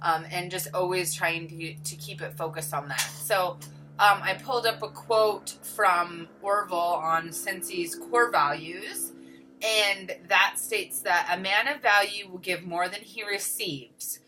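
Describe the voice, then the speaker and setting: A woman's voice: lowish voice, unhurried, music in the background. A young woman leading a sales team, talking casually in a chatty, upbeat way with many ums and restarts. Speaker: team leader.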